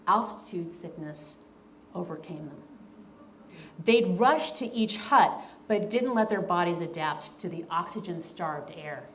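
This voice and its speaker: Reading aloud from her book before a roomful of people, this Southern author talks in an earnest, emphatic way and comes back to her key lines again and again. Her voice is lowish and animated, her pace unhurried, with a faint hiss or hum on the recording.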